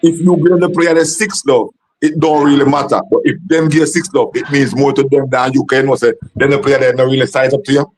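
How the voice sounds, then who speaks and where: A man's voice: medium pitch, steady tone, brisk, low-quality recording. A man with a Jamaican accent hosting a casual call-in livestream, talking in repeated, stumbling starts. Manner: repetitive, stammering, laughs often. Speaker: livestream host.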